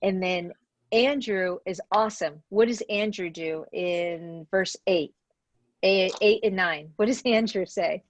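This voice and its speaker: Woman teaching bible study on zoom, lively chatty tone, dry close sound. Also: mid-range voice, a little slow, dry recording. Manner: chatty, animated, asks questions, says okay often. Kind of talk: casual teaching over video call. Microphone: video call.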